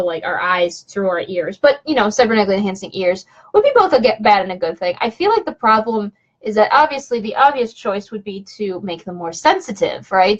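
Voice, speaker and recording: Woman streamer, casual and rambly, chatting from home over a slightly dull webcam mic. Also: medium pitch. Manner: rambling, many fillers and restarts, chatty asides. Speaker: vlogger doing a live stream. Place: home room.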